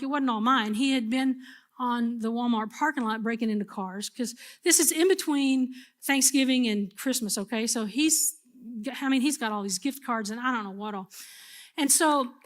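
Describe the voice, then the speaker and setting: High-voiced woman pastor telling a story. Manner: storytelling, animated and humorous. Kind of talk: sermon.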